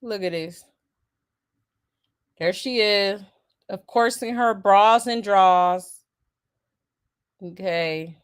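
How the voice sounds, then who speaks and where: Brief: woman gossip host, drawling and unhurried, sassy asides, exasperated tone. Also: mid-range voice, clean tone. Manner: reads out viewer comments with laughs. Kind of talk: casual gossip commentary.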